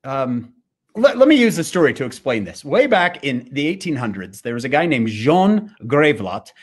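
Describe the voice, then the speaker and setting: A man's voice: mid-range voice, sing-song, normal speed, husky. A man giving a devotional fireside talk, telling a story with animation and frequent fillers and restarts. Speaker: speaker.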